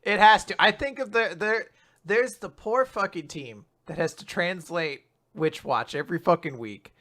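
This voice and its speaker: A man's voice: high voice, moderate pace, bright, forceful tone. A man co-hosting a casual manga podcast, riffing and swearing freely while mock-quoting characters. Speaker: podcast co-host. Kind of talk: casual manga recap chat.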